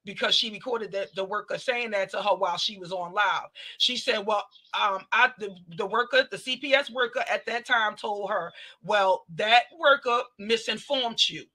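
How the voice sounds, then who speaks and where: A woman hosting a casual commentary chat, recounting events and acting out what others said. Her voice sits mid-pitch but rings bright and forceful. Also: moderate pace, few pauses. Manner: animated retelling, quoting others. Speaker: commentary channel host.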